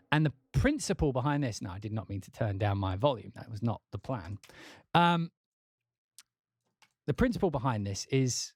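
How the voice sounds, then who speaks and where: A man's voice: mid-range voice, a little hiss or hum. A young man, a composer, chatting casually to his stream while working. He swears a lot, mocks himself, and plays with a put-on Scottish accent. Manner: swearing, self-mocking, talking to chat while working software; putting on a mock Scottish accent. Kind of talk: casual livestream chat.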